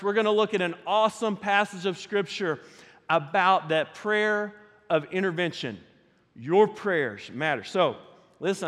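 Male pastor, lively storyteller, slightly high voice, sermon in an echoing church hall. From United States. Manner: animated storytelling, rising loud for excitement. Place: church sanctuary.

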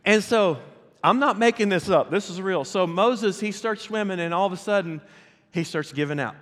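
Animated pastor in a reverberant church. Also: male voice, high-pitched, moderate pace. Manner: animated, addresses the congregation directly. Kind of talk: storytelling sermon. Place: church sanctuary. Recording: long reverb of a church hall.

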